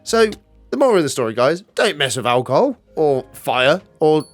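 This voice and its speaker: Male vlogger, casual self-mocking storytime delivery, animated, faint backing music. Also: fairly high pitch, normal speed. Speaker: gaming YouTuber. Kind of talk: storytime vlog.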